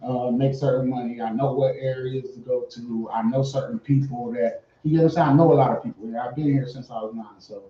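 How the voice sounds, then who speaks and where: A man's voice: mid-range voice, fairly even intonation, brisk, few pauses. A man speaking emphatically and casually as a guest in an interview, swearing freely. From Fayetteville, born in Savannah, Georgia. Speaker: guest artist. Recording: roomy, distant, dull lo-fi sound.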